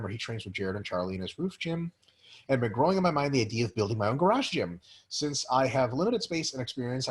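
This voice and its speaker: Fast, lively, swearing male co-host. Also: mid-range voice. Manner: profane, excitable, lots of swearing. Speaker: co-host answering listener questions. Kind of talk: casual chat.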